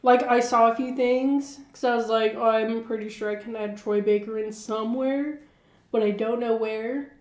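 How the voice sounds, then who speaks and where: A woman's voice: a little high, steady tone, moderate pace, darkish tone. A woman co-hosting a podcast in casual chat, giggling often and filling with "like". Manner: giggly, heavy use of "like" fillers. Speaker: podcast co-host. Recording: roomy echoey room.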